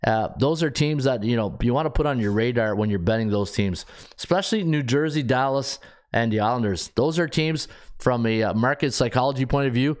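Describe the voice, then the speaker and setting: A man's voice: medium pitch, a little fast. A man hosting a sports betting podcast, thinking aloud as he checks stats, with frequent restarts and filler words. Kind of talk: casual solo analysis.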